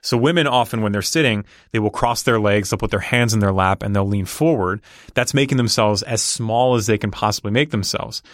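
A man's voice: lowish voice, fairly quick, no echo, clean studio sound. A man talking confidently and explaining with examples in a casual conversation. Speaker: negotiation guest.

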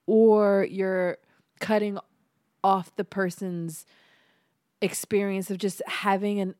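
A woman's voice: mid-range voice, little pitch movement, slow pace, darkish tone, dry recording, clean studio sound. A woman guest on a podcast, chatting casually in a frank, earnest way and swearing freely. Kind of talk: casual chat.

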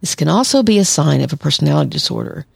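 Low gravelly-voiced woman therapist host. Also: very animated, rapid-fire, dry recording, studio quality. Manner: conversational, acts out quoted lines, laughs lightly. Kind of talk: solo podcast advice talk.

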